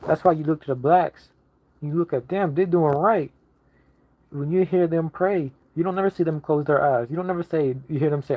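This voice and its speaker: A man's voice: on the high side, normal speed. Man preaching in a dull lo-fi recording. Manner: repetitive, emphatic preaching with restarts. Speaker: lay preacher. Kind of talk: casual online sermon.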